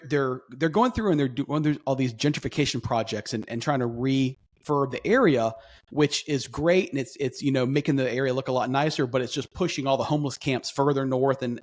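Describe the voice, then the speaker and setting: A middle-aged man telling a long story on a podcast, animated and full of restarts. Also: mid-range voice. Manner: animated, acts out quoted voices, rambling restarts. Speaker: podcast co-host. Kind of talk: casual storytelling chat.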